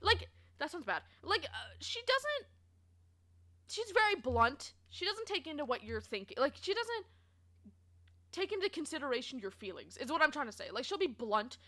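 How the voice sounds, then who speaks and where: A young woman chatting to her stream in a high, bright voice that leaps all over the place. She rambles through a story full of fillers and giggles, acting out what people said. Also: moderate pace. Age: young adult. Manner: animated and giggly, lots of fillers, quoting others in lively voices. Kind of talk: casual rambling storytime chat.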